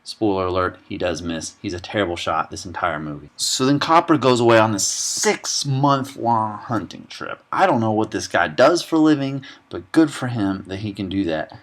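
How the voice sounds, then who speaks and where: With a voice on the low side, a young man delivers a deadpan, sarcastic comedy recap of a movie. He drops snippets of character dialogue and fast asides along the way.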